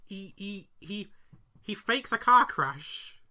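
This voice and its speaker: A young woman co-hosting a podcast, retelling a story in an animated, giggly, outraged way. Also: medium pitch, takes it slowly. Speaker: podcast co-host. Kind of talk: casual chat, retelling a story.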